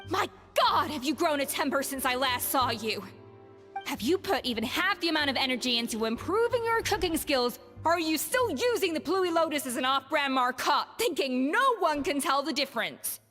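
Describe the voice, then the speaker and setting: Cool, cutting former head chef. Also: female voice, high-pitched, big pitch swings, moderate pace, fairly bright tone, in a large hall, soft background music.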